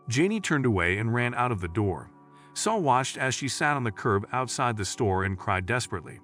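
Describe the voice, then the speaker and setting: A man narrating a scripted story in a lively storytelling way. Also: mid-range voice, fairly quick, soft background music.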